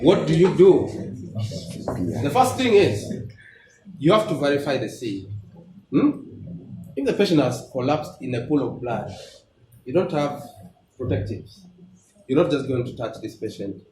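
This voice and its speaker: A man teaching a class on emergency life support, lively and questioning, often laughing as he explains. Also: medium pitch, a little slow, pauses often. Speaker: medical trainer. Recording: echoey room, mic far off, background noise.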